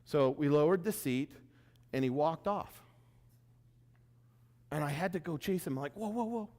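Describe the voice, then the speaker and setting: With a long reverb tail trailing his words, this man's slightly high, somewhat mellow voice stays unhurried. He's delivering a keynote before an audience in a big room, spinning a self-deprecating tale and performing his own reactions.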